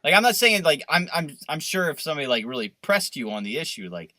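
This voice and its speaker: A man co-hosting a podcast, riffing through profane, animated rants in casual banter. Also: a little high, fast talker, no echo. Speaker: podcast co-host.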